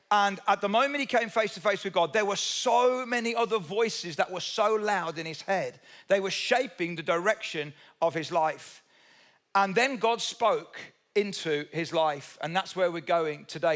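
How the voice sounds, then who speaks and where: Male pastor, high voice, chatty sermon delivery, quizzes the congregation, throws in humorous asides. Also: normal speed, fairly bright tone. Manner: conversational, asks the audience questions; tells Bible stories with humorous asides.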